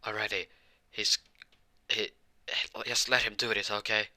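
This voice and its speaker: A man voicing a gruff male squad captain in a fan story, blunt and exasperated. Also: lowish voice, little pitch movement, a little slow, pushed and bright.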